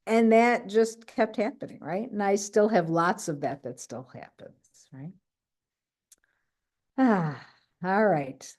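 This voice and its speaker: A woman telling a personal story on a video call, animated, often checking in with "right?" and acting out what others said. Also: medium pitch, slow, pauses often. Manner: acts out other people's quoted lines. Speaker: guest speaker. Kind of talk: personal story in an online talk.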